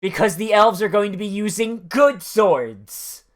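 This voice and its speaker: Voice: medium pitch, a little slow. An anime watch-along host giving casual, profane commentary that wanders into long tangents. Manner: profane, rambling and tangential storytelling.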